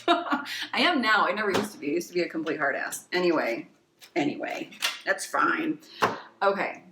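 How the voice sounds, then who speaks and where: A woman's voice: lowish voice, normal speed, sharp tone, roomy sound, slight background noise. A woman giving a casual pick-a-card tarot reading. She reads oracle card messages aloud and gushes with emotion, swearing casually along the way.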